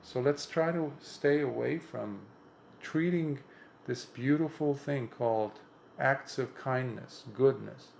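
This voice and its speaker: A man with a gravelly, creaky edge to an otherwise mid-pitched voice gives an impromptu dharma talk as a Buddhist monk. He speaks earnestly and with emphasis, climbing higher when he presses a point and often restarting mid-sentence. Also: takes it slowly, darkish tone, a little hiss or hum.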